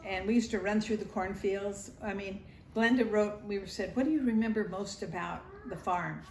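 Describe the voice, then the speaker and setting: A woman's voice: medium pitch, normal speed, a little hiss or hum. An older woman telling a family interview about her childhood in a nostalgic storytelling manner. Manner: warm storytelling, nostalgic, acts out family voices. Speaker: grandmother sharing family memories. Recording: roomy echo, faint ambience.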